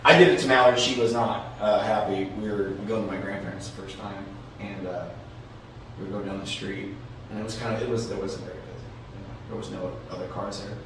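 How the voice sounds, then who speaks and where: Man, podcast co-host, casual chat, animated storyteller, noisy echoey room recording. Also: fairly low pitch, fast, creaky. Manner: animated storyteller, swears casually, frequent restarts. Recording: echoey room, distant mic, background noise.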